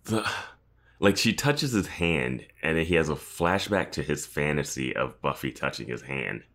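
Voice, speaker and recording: Man, podcast co-host, extremely deep voice, wry analytical chat, chuckles. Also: animated, normal speed, fairly bright tone. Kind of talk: casual chat recapping a TV episode.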